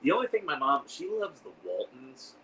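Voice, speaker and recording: A man's voice: a little high, lively intonation, normal speed, bright, forceful tone, recorded from a distance, rough recording. Livestream host, male, rambling chatty delivery, set back from the mic with faint noise behind him. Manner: rambling, reads and answers viewer comments. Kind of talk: casual livestream chat.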